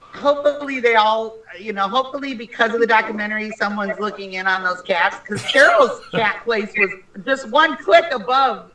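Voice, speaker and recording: A woman's voice: a little high, normal speed, pushed and bright, poor audio. A woman guest on a podcast, chatting in a wry, enthusiastic way. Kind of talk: casual podcast chat.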